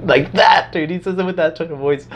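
A man in casual podcast chat, talking in an animated way, swearing and laughing as he tells a story. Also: a little high, a little fast, slight background noise.

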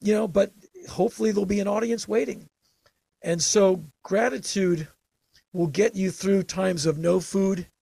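An older man spinning stories in a relaxed interview, his voice gravelly and somewhat husky. He tells them emphatically, jumping into sudden animated bursts. The sound is close and dry, with no room around it. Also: sits high, moderate pace, no room sound. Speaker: interview guest. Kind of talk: casual storytelling interview.

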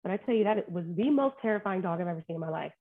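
A woman's voice: mid-range voice, racing. Woman dog trainer on a tinny line. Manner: animated storytelling, sarcastic asides. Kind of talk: casual podcast chat.

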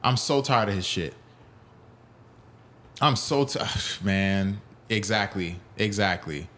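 A man's voice: on the low side, animated, slow pace, sharp tone, a little hiss or hum. A man hosting a solo podcast on fighting sports, reading chat and ranting in a heated, profane way. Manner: heated, profane ranting, voice rising when upset. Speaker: podcast host. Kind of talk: solo MMA podcast, reacting to chat and clips.

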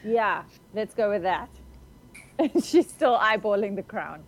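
A woman's voice: medium pitch, expressive, measured pace. A woman playing a tabletop game who speaks in a dry, offhand way. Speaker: player.

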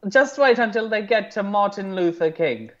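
A man from the UK co-hosting a casual political chat, talking in an animated, sarcastic way. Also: high-pitched, normal speed. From United Kingdom. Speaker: co-host. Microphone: headphones and desk mic. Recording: dull lo-fi sound.

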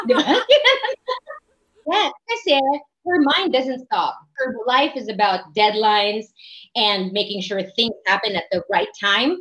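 A woman's voice: on the high side, slow pace, a bit bright, low-quality recording. Earnest Filipino woman mixing English, Filipino. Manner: earnest, reflective, switches between English and Filipino. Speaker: guest, mother. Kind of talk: casual podcast chat.

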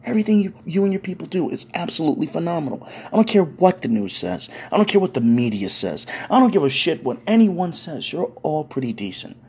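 A man's voice: fairly high pitch, big pitch swings, fairly quick, few pauses, a little mellow, slightly rough, pitched above the performer's own voice, exaggerated voice. A man voicing an earnest, slightly drunk white man who gushes with thanks and rambles. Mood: gushing.

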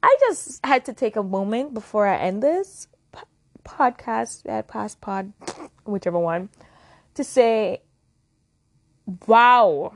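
A woman's voice: on the high side, expressive, takes it slowly, pauses often. Rambling young woman podcasting solo. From Jamaica. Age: early 20s. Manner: rambling, reflective, self-correcting. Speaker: podcast host. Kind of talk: casual solo podcast monologue.

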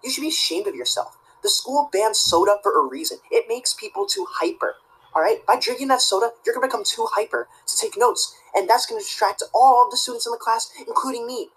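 A woman's voice: fairly high pitch, very animated, fairly quick, breathy edge, rough recording. A woman acting a prissy, rule-obsessed teacher's pet student in a comedy sketch, tattling and preaching about the rules. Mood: tattling, indignant. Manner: tattling, self-righteous and preachy.

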